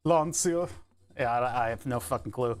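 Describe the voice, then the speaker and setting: American man, nasal tone, somewhat higher pitch, casual live-stream talk, chatty and laughing. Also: animated, moderate pace. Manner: rambling, chatty, laughs often. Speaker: livestreamer. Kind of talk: casual live-stream chat while working.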